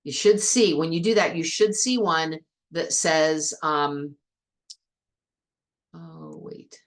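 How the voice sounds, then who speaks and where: A woman's voice: low voice, takes it slowly. A woman teacher walking a class through an online biology lab step by step, in a chatty, patient way.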